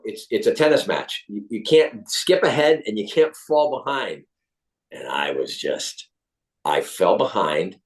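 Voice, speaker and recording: A middle-aged man, a guest actor, telling animated stories and acting out the people in them. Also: lowish voice. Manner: acts out quoted voices, lively. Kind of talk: animated storytelling.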